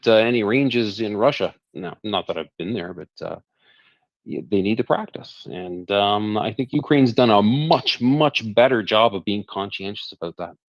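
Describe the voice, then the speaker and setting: A man's voice: on the low side, no room sound. A man in a casual live audio chat, tripping over his first words before running on animatedly. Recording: dull lo-fi call audio.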